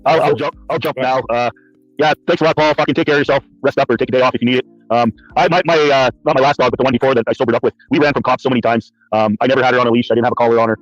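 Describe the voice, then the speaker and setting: A man on an online podcast panel telling a profane, lively personal story. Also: mid-range voice, very fast, no room sound, soft background music. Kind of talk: casual storytelling on a call. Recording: dull, dry call audio.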